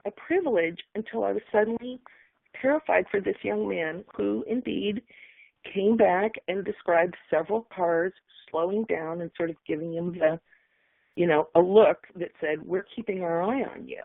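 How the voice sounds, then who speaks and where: A middle-aged woman sharing a personal account on a call, halting and emotional, with many fillers. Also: mid-range voice, vocal fry, no echo. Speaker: webinar speaker. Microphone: phone line. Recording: tinny phone line, dry.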